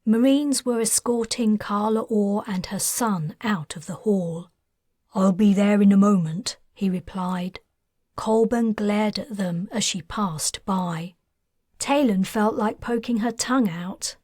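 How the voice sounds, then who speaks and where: A woman narrating her own science fiction audiobook in a calm, measured storytelling voice on a close mic. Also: medium pitch, slightly rough, dry recording. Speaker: author and narrator.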